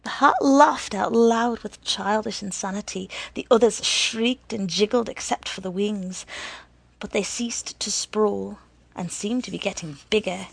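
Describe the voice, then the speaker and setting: A woman with a husky, medium-pitched voice narrates a story, reading in a measured, deliberate way. There is no echo.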